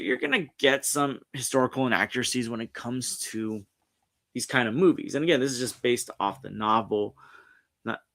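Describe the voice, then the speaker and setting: His mid-range voice is bright and forceful. He's a New York streamer hosting a laid-back pop culture show on a streaming setup mic, reading articles out loud and rambling with lots of restarts.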